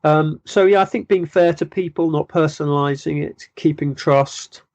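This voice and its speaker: A man, a football journalist, giving measured, self-deprecating interview answers with frequent restarts. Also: on the high side, steady tone, darkish tone, no room sound. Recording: dull lo-fi dry sound.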